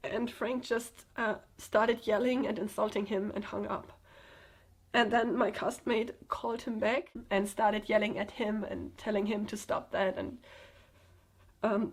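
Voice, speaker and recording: A young woman speaking to camera in a halting, hesitant way, with many pauses and fillers, telling a personal story. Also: medium pitch, husky. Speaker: vlogger.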